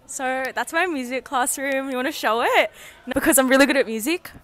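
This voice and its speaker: Against a noisy background, an Australian teenage girl vlogs briskly in a high voice while walking around school outdoors on a handheld phone. She rambles, giggles and teases herself as she goes.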